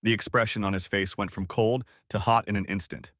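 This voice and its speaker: A man narrating an audiobook story in an expressive storytelling read. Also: on the low side, a little fast, no room sound, studio quality. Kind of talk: scripted narration.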